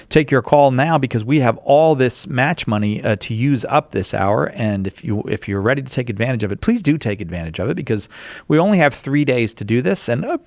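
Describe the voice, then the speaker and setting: A man hosting a live call-in radio show, making a rambling, lively fundraising pitch with lots of fillers. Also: no room sound. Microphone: studio microphone.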